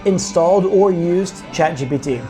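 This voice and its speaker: A man's voice: high-pitched, normal speed, warm tone, soft background music. A man in a casual chat over drinks in a bar, rambling and restarting his sentences. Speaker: guest. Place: bar or pub.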